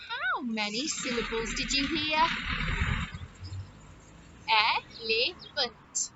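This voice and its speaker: Sing-song woman teaching young children. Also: high-pitched. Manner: slow, sing-song, encouraging, clapping out syllables. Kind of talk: early-years phonics lesson. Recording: dull lo-fi sound with loud noise.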